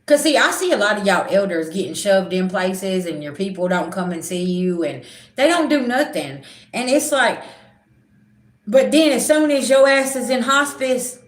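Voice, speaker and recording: A woman's voice: mid-range voice, moderate pace. Middle-aged woman, spiritual reader, blunt casual livestream talk, swears, roomy echo. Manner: blunt, swearing, animated storytelling.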